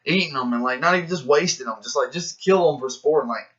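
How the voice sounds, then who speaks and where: A man talking in a rambling, profane, slangy monologue about life and philosophy, getting animated as he acts out his own inner voices. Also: fairly high pitch, fast talker. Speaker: rapper musing to camera. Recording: dull lo-fi sound.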